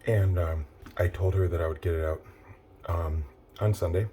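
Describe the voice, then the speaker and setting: A man's voice: low-pitched, fairly even intonation, normal speed, dark tone, a little hiss or hum. A very tired man in his thirties rambling through a late-night confessional vlog, profane and full of fillers. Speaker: vlogger.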